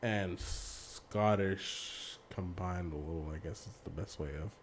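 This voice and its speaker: A man co-hosting a podcast in casual chat, rambling and giggly, with halting phrases. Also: deep voice. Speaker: podcast co-host.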